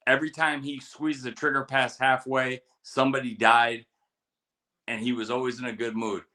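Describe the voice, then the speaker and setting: Bright-voiced man telling war stories. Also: medium pitch, moderate pace. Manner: storytelling, profane, animated quotes. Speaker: podcast co-host, military veteran. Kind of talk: casual chat with fight picks.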